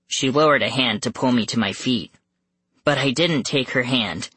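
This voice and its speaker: An audiobook narrator reading a first-person spooky story slowly and suspensefully. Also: mid-range voice, a bit bright, slightly rough, no echo. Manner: slow, measured and suspenseful, rising tense at scary moments. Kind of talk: first-person scripted horror narration for young readers.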